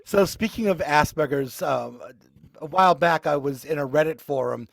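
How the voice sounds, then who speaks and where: Gravelly higher-voiced middle-aged man. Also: moderate pace, dry recording. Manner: rambling, amused storyteller. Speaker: podcast co-host. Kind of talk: casual podcast chat.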